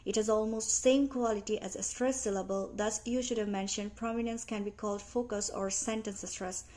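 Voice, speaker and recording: A young adult woman reading out a class presentation on teaching pronunciation, careful and measured, with small grammar slips. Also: mid-range voice, steady tone, a little mellow. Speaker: student presenter. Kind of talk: read academic class presentation.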